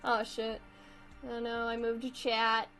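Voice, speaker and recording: A young woman chats on a live stream as she draws, her voice sitting a bit high. She rambles from one thing to the next, laughs a lot and pokes fun at herself. A little music plays quietly in the background. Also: completely flat delivery, slow pace, clear, resonant tone. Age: young adult. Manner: giggly, scattered, self-mocking. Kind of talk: casual chat while drawing on stream.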